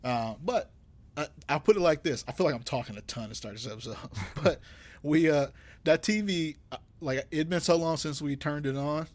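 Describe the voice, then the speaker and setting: A man's voice: fairly high pitch, moderate pace, darkish tone, no echo. A young man co-hosting a podcast, talking casually with restarts and teasing banter. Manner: rambling, many restarts, teasing. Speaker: podcast co-host. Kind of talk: casual chat.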